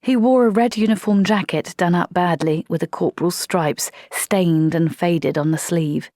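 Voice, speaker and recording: A woman reading a comic fantasy audiobook in a steady, measured way. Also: on the low side, no echo, studio quality. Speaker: audiobook narrator. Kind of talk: scripted narration.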